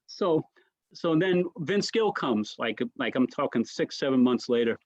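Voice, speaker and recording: A man's voice: mid-range voice, measured pace, dry recording, muffled recording. A man, a comedian, telling anecdotes in a casual interview, restarting sentences and tossing in "right?" asides. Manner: animated storyteller, frequent restarts and "right?" asides. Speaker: comedian guest.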